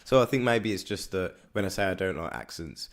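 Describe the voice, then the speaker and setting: A man with a Birmingham accent chats on a podcast in a low voice. He rambles and repeats himself while he works out what he means. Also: expressive, fairly quick. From Birmingham, England. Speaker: podcast co-host. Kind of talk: casual chat.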